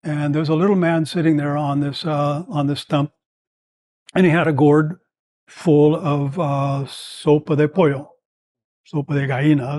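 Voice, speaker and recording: An older man in his seventies, a former combat medic, telling stories as a podcast guest, rambling and animated with many fillers. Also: a little high. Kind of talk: storytelling in a podcast interview.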